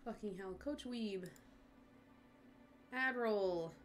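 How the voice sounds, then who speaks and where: A woman's voice: medium pitch, slow, a little hiss or hum. A woman streaming a game from home on a headset, chatting casually, swearing often and talking to her pets. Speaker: gaming streamer. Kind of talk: casual livestream chat.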